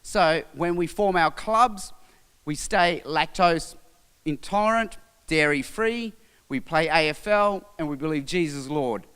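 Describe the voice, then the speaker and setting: An Australian man with a high, smooth, resonant voice talks emphatically, pausing after each word in his lists. His voice rings out in a large, reverberant hall. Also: a bit bright. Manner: emphatic, listing words with pauses. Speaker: speaker. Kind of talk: sermon-style talk.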